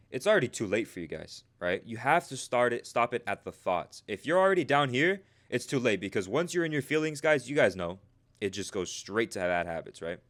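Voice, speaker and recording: A man's voice: mid-range voice, a bit bright. A man coaching traders on a live stream in a casual, talkative way, checking in with viewers after almost every sentence and addressing people in the chat by name. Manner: casual, repeats "right?" after nearly every point.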